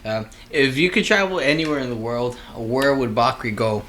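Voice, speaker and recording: A man's voice: medium pitch, normal speed, a bit bright. Brief: male host, mid voice, casual bro talk, faint hiss behind. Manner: affirming, friendly bro talk. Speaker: interviewer host. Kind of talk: casual interview chat.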